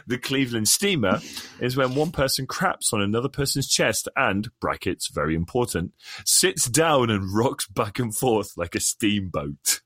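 A man's voice: mid-range voice, lively intonation, a little slow, fairly bright tone. A man with an English accent co-hosting a podcast in casual chat, swearing freely and joking around. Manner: swears freely, laughing banter. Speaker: podcast co-host.

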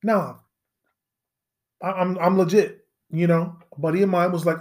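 A man's voice: high voice, fairly even intonation, measured pace, a little mellow. A man hosting a solo podcast, telling a story as a profane, rambling rant and repeating himself in mock disbelief. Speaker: podcast host.

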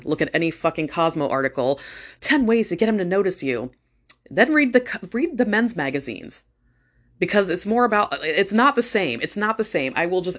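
A woman's voice: fairly low pitch, a bit bright. A middle-aged woman talking casually and bluntly, swearing often and using lots of fillers. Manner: blunt and profane, frequent fillers. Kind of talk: casual opinion monologue.

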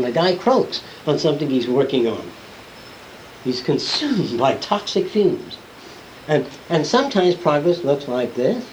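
Blunt, animated male lecturer. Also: a little high, moderate pace, low-quality recording. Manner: blunt, rambling, swears, voices quoted people. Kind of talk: unscripted classroom lecture. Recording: old lecture tape with hiss.

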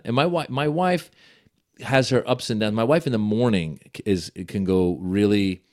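A man's voice: lowish voice, moderate pace. Middle-aged male comic, easygoing chat, acts out the people in his stories. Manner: animated storyteller, acts out quoted voices. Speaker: podcast guest, comedian. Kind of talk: casual chat.

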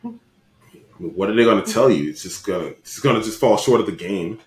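A man's voice: on the low side, lively intonation, brisk. A young man co-hosting a podcast, bantering casually and teasing his friend with playful indignation. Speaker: podcast co-host. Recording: roomy echo.

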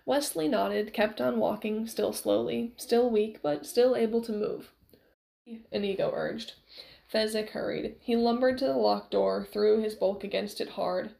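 A woman narrating a novel aloud in a measured, steady storytelling way. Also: mid-range voice, gravelly. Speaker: audiobook narrator.

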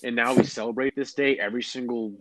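A young American man chatting casually, rambling and animated, full of filler words and false starts. His voice sounds close and dry. He jumps between thoughts with an easy, joking looseness. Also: mid-range voice, quick pace, no echo. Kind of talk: casual chat.

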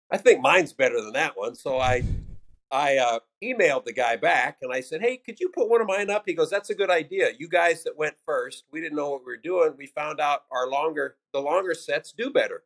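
An older American stand-up comedian telling loose, salty stories from his career in a casual interview. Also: a little high. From United States. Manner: loose, profane anecdotes with animated quoted voices.

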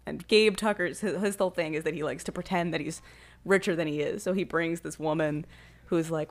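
A woman with a somewhat low voice co-hosts a casual podcast. She retells a film plot in lively storytelling, slipping into quick impressions of the characters as she goes. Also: a little hiss or hum. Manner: animated storytelling, acting out characters' lines. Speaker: podcast co-host. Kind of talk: casual film recap chat.

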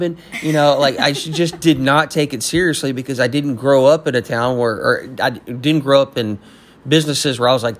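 A young man from Texas, telling a story as a business-owner guest in casual conversation. He talks in an animated way, with a medium-pitched voice. He jumps into the voices of the people he quotes. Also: fairly quick.

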